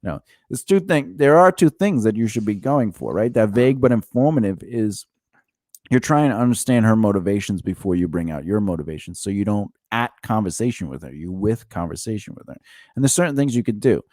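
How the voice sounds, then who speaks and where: Male podcast co-host, animated and jokey, breaks into laughter, close dry mic. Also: lowish voice, fairly quick, no room sound. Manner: laughs often, acts out quotes in silly voices. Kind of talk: joking casual chat.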